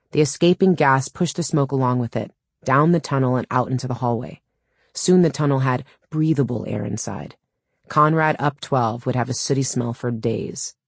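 A woman's voice: very deep voice, husky, no room sound. A woman reading a first-person audiobook in a wry, dry storytelling manner, close to a studio mic. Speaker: audiobook narrator.

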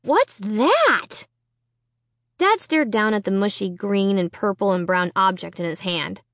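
A woman reading a children's horror novel aloud, with expressive storytelling. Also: mid-range voice, normal speed, smooth, no room sound, clean studio sound. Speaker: audiobook reader. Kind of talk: scripted narration.

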